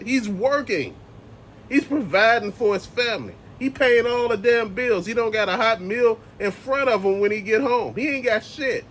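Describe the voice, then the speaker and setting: Profane ranting man, high voice. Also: a bit bright, a little hiss or hum. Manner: profane, emphatic, heated ranting. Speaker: channel host. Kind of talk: ranting commentary vlog.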